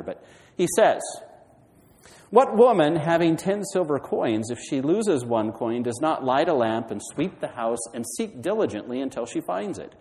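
A man's voice: fairly high pitch, darkish tone, big-room sound, rough recording. A man preaching a sermon, retelling a story and putting questions to the congregation. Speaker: pastor.

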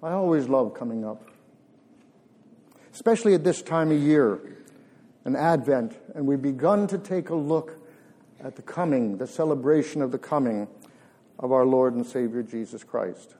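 Man preaching a sermon, mellow voice. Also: mid-range voice, expressive. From Canada. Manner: earnest, measured preaching with emphatic pauses. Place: church.

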